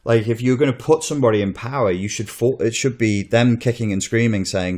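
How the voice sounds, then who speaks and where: A man's voice: mid-range voice, brisk, a little mellow. A man with a Northern English accent, hosting a podcast in casual, opinionated chat that rambles and swears. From Northern England. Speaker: podcast host.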